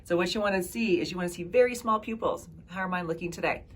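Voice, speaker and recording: A woman's voice: on the low side, quick pace, slight background noise. A woman giving a casual health talk to camera, chatty and conversational, often checking in with "right?" and "okay?". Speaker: health practitioner.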